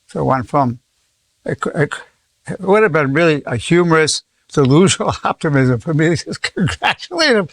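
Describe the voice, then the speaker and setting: In this dry recording, a man in his eighties, a psychologist, gives an informal lesson packed with anecdotes. His voice sits on the high side and is very animated, at a moderate pace. He often repeats words, restarts, and acts out quoted dialogue.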